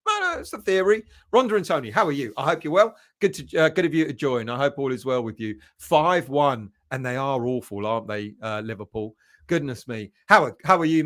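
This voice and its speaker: A man's voice: a little high, a bit bright. A man hosting a football fan livestream, rambling and chatty as he greets viewers by name. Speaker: fan channel host. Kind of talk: casual livestream chat.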